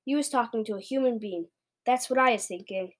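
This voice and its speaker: A brutish, greedy giant barks his orders in broken grammar, as a woman reading aloud puts him on. The voice sits a touch high for such a hulk. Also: fairly quick, close to an everyday voice. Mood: bullying. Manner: shouting, bossy, mangled grammar. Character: huge brutish male giant, bullying and greedy.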